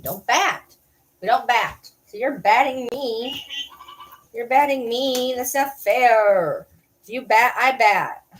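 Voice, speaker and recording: A woman sits at home talking on a livestream in a middle-pitched voice. She croons sing-song baby talk at her dogs and breaks into laughter easily. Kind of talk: casual livestream chat.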